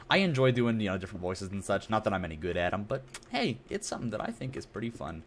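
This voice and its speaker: A man's voice: fairly low pitch, sing-song, quick pace, hardly any pauses, slight background noise. A young man streaming a building game, chatting in a rambling, self-deprecating way with lots of asides. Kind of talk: casual gameplay commentary.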